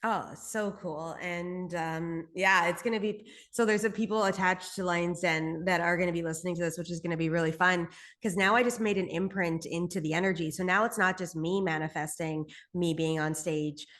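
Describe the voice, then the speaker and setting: A woman's voice: fairly low pitch, steady tone, normal speed, few pauses, fairly bright tone. A woman from Canada, a spiritual guide appearing as a podcast guest, who speaks earnestly and emphatically, repeats her points and swears casually.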